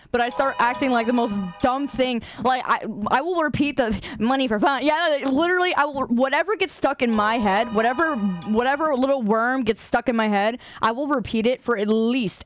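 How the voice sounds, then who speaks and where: A game streamer with a fairly high voice chats casually with her viewers in a studio-quality recording free of echo. Goofy and meandering, she keeps laughing and poking fun at herself.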